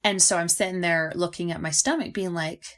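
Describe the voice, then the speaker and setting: A woman's voice: lowish voice, fairly even intonation, a little fast, fairly bright tone. A woman hosting a podcast as a nutrition coach, talking casually and animatedly, acting out inner voices and laughing often.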